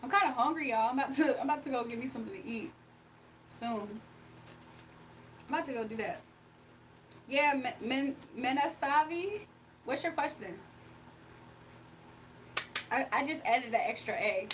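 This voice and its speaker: A woman's voice: on the high side, normal speed, pauses often, far from the mic, a little hiss or hum, low-quality recording. A woman livestreaming a card reading, ranting bluntly to her chat with repetitive rhetorical questions. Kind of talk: heated livestream rant to chat.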